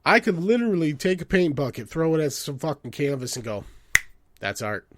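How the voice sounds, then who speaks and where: A man hosting a show, ranting in a profane comedic way and swinging between loud outbursts and low mutters. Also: big pitch swings, fast talker, noisy background. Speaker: podcast host.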